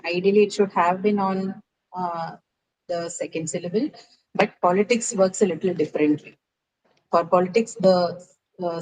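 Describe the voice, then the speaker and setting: A woman's voice: on the low side, a little mellow, poor audio. A woman teaching a class on English word stress, explaining patiently with many fillers and frequent checks like "right?".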